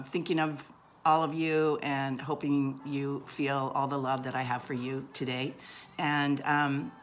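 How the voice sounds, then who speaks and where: A middle-aged woman with a low voice tells a personal story in a casual, chatty way. She pokes fun at herself and laughs often. A faint hiss sits under her voice. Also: a bit bright. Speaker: vlogger.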